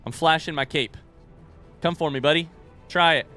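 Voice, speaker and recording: A man streaming a video game live, giving excitable, jokey commentary with plenty of swearing. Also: a little high, moderate pace, faint music behind.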